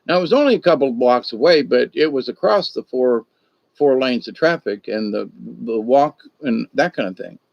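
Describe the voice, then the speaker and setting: Telling a wandering, folksy story with plenty of side remarks, the older man hosting this livestream has a gravelly, mid-range voice that's expressive and moderately paced. It's a dull, dry lo-fi recording without echo.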